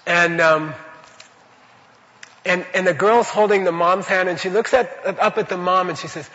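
A man's voice: sits high, fairly even intonation, moderate pace, pauses often, sharp tone. A man giving an informal spiritual teaching, rambling and chatty, often saying "you know" and telling stories. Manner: laughs while telling stories. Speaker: Buddhist teacher. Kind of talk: informal spoken teaching with anecdotes. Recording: reverberant hall, dull lo-fi sound.

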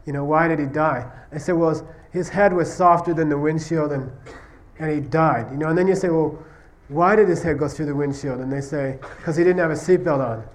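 Male Buddhist teacher, slightly high voice, chatty lecture, constant "okay?" check-ins. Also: brisk. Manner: repeatedly checks understanding with "okay?" and "you see what I mean?"; tells stories, acting out question-and-answer exchanges. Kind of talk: conversational classroom lecture.

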